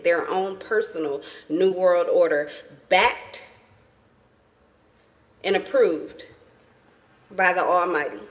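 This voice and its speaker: A woman's voice: fairly low pitch, rough recording. A woman giving a casual tarot reading to her viewers, blunt and profane, with emphatic repetition. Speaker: tarot reader.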